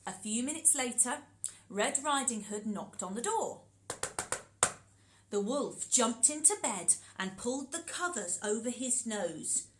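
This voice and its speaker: Animated woman leading a children's story session. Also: a little high, a little slow, a little hiss or hum, rough recording. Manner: animated, encouraging, talks to children directly. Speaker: storyteller and workshop leader.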